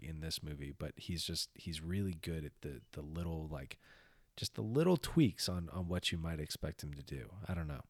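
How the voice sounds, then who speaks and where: A man's voice: low voice, no room sound, clean studio sound. A man co-hosting a podcast, chatting casually about actors and films, laid-back and laughing easily. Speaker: podcast co-host. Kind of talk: casual film discussion.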